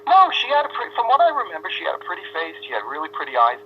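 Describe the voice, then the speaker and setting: A man's voice: fairly high pitch, wildly swooping pitch, racing, lo-fi sound, a little hiss or hum. A man as an interview guest, telling rambling anecdotes in casual chat and laughing often.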